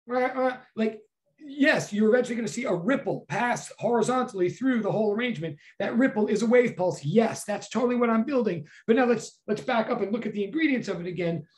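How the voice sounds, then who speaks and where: An excitable physics professor in a classroom, talking fast and loose with lots of "like". The delivery swings between quiet asides and loud, emphatic bursts of enthusiasm. It sounds like a live lecture to students. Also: mid-range voice.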